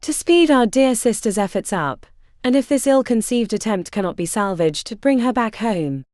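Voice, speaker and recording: A woman voicing a stern eldest witch sister who speaks low and mean, in an audiobook. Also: lively intonation, normal speed, a little mellow, dry recording, studio quality, lightly acted. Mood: contemptuous.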